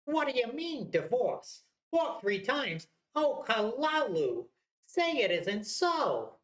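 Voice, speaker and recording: Gamer doing a whiny jilted husband, high squeaky pleading, swooping all over, drawn-out words. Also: very animated, a bit bright, reverberant.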